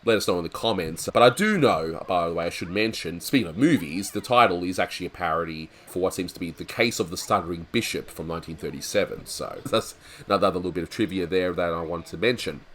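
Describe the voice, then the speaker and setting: Man, casual cartoon review talk, deep voice, chuckles often, slight background noise. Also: quick pace, a bit bright. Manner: chatty, laughs often, restarts. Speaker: host of a cartoon review show.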